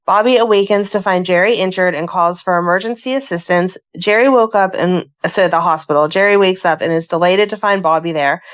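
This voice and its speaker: A woman's voice: fairly low pitch, fairly quick, few pauses. A woman co-hosting a fan podcast, reading plot summaries in a casual chatty way and breaking off into asides. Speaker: podcast co-host. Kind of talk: casual chat and recapping a soap plot.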